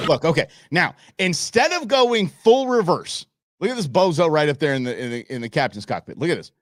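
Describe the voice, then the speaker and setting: A man's voice: a little high, sing-song, a little fast. A man hosting a show, casually commenting on clips and exclaiming and laughing at what he sees. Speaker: show host.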